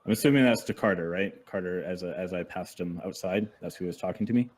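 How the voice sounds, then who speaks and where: A man plays in a tabletop game, hesitant and thinking aloud as he speaks in character. His voice is very low and deep. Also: quick pace, a little mellow, slightly rough. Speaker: player.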